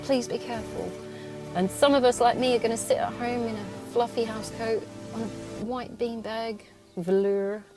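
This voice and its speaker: With a fairly high, darkish-toned voice, a woman in her thirties talks casually to herself for her podcast while driving. She laughs frequently, swears, and pokes fun at herself throughout.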